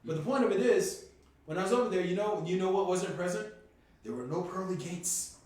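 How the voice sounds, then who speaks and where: Animated storytelling man, echoey far mic. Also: sits high, fairly quick. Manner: animated, swearing, voice rising to shouts at peaks. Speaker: podcast guest telling his story. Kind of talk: casual storytelling. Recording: echoey room, distant from mic, faint noise.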